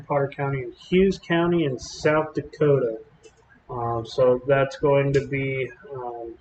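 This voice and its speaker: A man's voice: fairly high pitch, roomy sound, dull audio, a little hiss or hum. A man from Texas giving casual, rambling live-stream commentary on storms while chatting with viewers. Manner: chatty, rambling, drawling with fillers.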